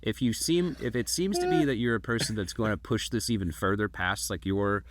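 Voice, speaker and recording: Fast-talking low-voiced man telling stories. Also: slight background noise. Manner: rambling storytelling with many restarts. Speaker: podcast co-host. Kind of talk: casual chat.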